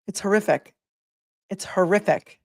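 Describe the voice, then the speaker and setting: A woman's voice: medium pitch, a little slow, vocal fry, no echo, studio quality. A woman attorney hosting a casual livestream, chatting with viewers and thinking aloud with many asides. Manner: reads viewer messages aloud. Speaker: attorney and commentator.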